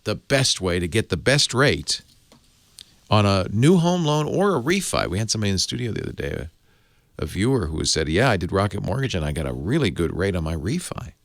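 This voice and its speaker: A man with a low voice hosts a tech podcast. His delivery is animated and salesy, with pitch swooping widely. The sound is dry and close. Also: a little fast, no echo. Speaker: podcast host. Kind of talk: ad read and casual chat.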